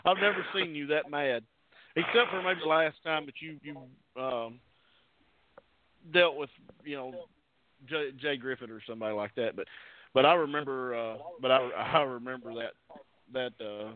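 A man's voice: mid-range voice, moderate pace, no room sound. A man co-hosting a podcast, reminiscing in a hesitant, casual way. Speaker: podcast co-host. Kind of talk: casual chat. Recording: dry phone-like sound.

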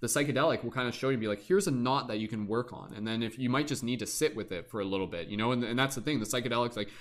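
A man's voice: medium pitch, very fast, fairly bright tone. A man hosting a livestreamed talk show, speaking eagerly and at length, with lots of fillers. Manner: rambling, eager, many fillers. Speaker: podcast host. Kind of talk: excited casual talk.

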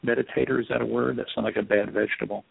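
A man, an author guest in an interview, telling a story in an animated, self-deprecating way over a phone line. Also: medium pitch, racing, gravelly, breathy edge. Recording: tinny dry phone line.

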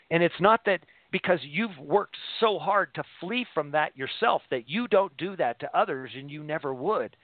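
A man's voice: fairly high pitch, no echo. A man hosting a casual faith discussion, talking earnestly and rambling, often repeating words as he thinks. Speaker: show host discussing scripture. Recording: tinny phone-line sound.

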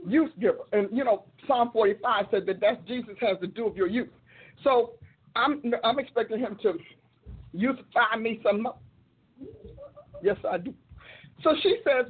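A woman's voice: a little high, breathy edge. An older woman, a minister and host, giving a sermon-like talk in an emphatic, repetitive preaching cadence over a tinny, phone-like recording.

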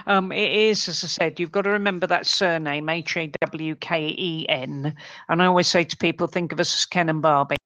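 A British woman from the UK, a medium and psychic guest on a radio show, who talks in a friendly way and spells things out clearly. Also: lowish voice, fairly even intonation, quick pace, hardly any pauses, fairly bright tone, no room sound. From United Kingdom. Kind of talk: casual radio chat.

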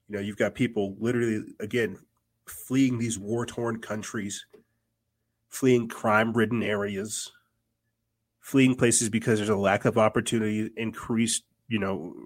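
A man's voice: fairly low pitch, fairly even intonation, a little slow. A man from the United States hosting a podcast, rambling through casual political commentary with many fillers and repeated words. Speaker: podcast host.

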